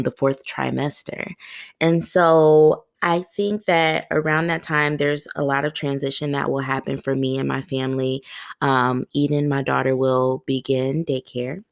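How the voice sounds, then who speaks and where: A woman's voice: very deep voice, gravelly, dry recording, studio quality. A woman in her thirties hosting her own podcast, chatting candidly and calling her listeners "y'all". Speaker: podcast host. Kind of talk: casual solo podcast talk.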